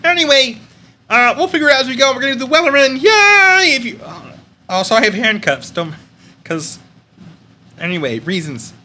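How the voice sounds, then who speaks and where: A man's voice: very high-pitched, very animated, normal speed, sharp tone, pitched above the performer's own voice, exaggerated voice. A man voicing a cheerful, chatty male frog in a reedy, nasal voice, who banters and then sings a sea shanty on a livestream. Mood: chirpy. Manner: chirpy, self-mocking banter, then singing a sea shanty. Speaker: streamer doing a character voice. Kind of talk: livestream character voice and karaoke.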